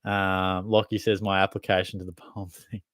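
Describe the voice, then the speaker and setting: A man's voice: sits low, little pitch movement, normal speed, fairly bright tone, dry recording, studio quality. A young Australian man hosting a casual live Q&A, reading viewer comments and bantering with a laugh. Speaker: podcast host.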